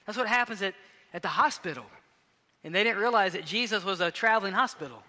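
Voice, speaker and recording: A male pastor preaching a sermon in a church, impassioned, swinging between loud emphatic bursts and hushed intimate passages. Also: sits high, quick pace. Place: church sanctuary. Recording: long reverb of a large hall.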